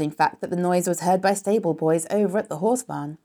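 A woman narrating a children's story in a calm, even storytelling manner. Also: fairly low pitch, a little fast. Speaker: audiobook narrator.

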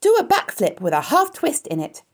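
A woman voicing a kind, clever female spider in a storybook reading, bright and commanding but affectionate. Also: mid-range voice, big pitch swings, normal speed, husky, pitched above the performer's own voice.

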